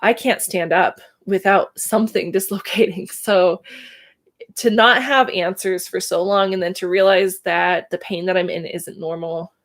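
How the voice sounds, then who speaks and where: Hosting a casual livestream, a woman in her 30s shares her own story with candor and emotion, laughing between thoughts. She speaks a little slowly in a low-leaning voice with fairly even intonation.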